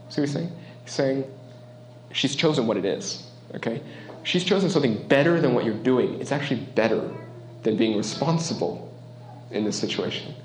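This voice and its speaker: A man's voice: mid-range voice, a little hiss or hum. A man preaching a sermon as a pastor, talking in a conversational, emphatic way and often checking in with his listeners. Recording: roomy echo.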